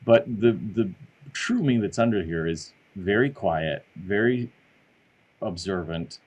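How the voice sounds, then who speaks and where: A middle-aged man guests on a podcast, his voice sitting a little low. He talks in a lively, self-deprecating way, rushing through his stories. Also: rough recording. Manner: animated, self-deprecating storyteller. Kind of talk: casual conversation.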